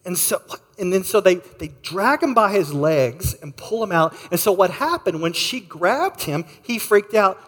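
A man preaching a sermon, telling a story with lively acted-out voices and asking the listeners questions. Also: high-pitched, measured pace, hardly any pauses, long reverb tail. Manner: animated storyteller, acts out voices. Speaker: pastor.

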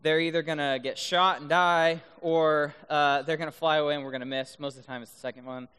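Bright high-voiced man in a reverberant hall. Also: steady tone, fairly quick, clear, resonant tone. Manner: playful, keeps checking in with the audience. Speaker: youth speaker. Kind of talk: youth talk with duck call demos. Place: large room full of high schoolers.

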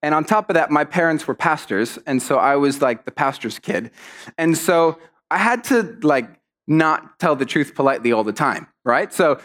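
A man's voice: on the high side, moderate pace. Man preaching a chatty, storytelling sermon. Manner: storytelling, animated, acts out quotes. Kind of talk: conversational sermon.

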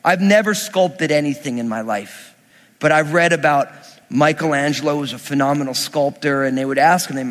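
Man, pastor, sermon, casual and emphatic delivery, slightly high-pitched, long reverb in the hall. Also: normal speed, fairly bright tone. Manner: conversational, emphatic preaching with asides.

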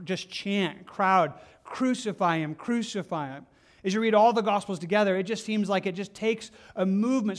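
A man preaching an Easter-season sermon as pastor, in an earnest, conversational way, often repeating and restarting words. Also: sits high.

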